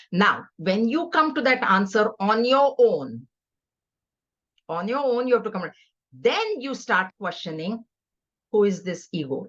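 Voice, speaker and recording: A middle-aged woman teaches a scripture class as a spiritual teacher, earnest and conversational, weaving in stories. Her voice is mid-range, and the recording has the highs cut off.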